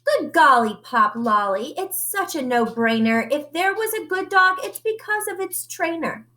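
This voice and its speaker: A woman's voice: high voice, big pitch swings, a little slow, bright, forceful tone, roomy sound, voice pushed up, heavily acted. A woman voicing a firm, dramatic mother cat who talks emphatically. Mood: coaxing.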